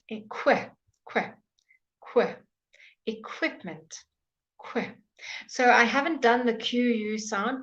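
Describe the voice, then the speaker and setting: A woman's voice: mid-range voice, highs cut off. A woman teaching English pronunciation in a live online lesson, patiently repeating each word many times.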